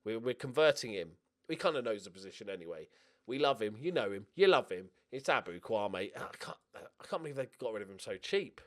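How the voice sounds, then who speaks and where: A man's voice: lowish voice, sing-song, fairly quick. A young man hosting a gaming channel, talking through his game in casual, jokey let's-play commentary and swearing now and then.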